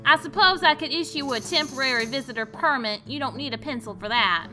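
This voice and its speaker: A woman's voice: high-pitched, brisk, bright, forceful tone, faint music behind. A woman playing a fussy ghost clerk. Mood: officious. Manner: officious, cheerful, pedantic.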